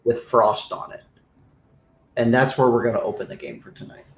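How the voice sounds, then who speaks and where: A man's voice: medium pitch, steady tone, moderate pace, echoey room, a little hiss or hum, poor audio. A man narrating a tabletop game as game master, loose and full of fillers.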